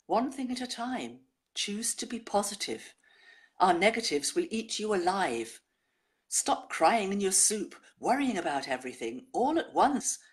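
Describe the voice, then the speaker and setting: A woman presenting a show, chatting and reading listeners' poems aloud in a measured way. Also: mid-range voice.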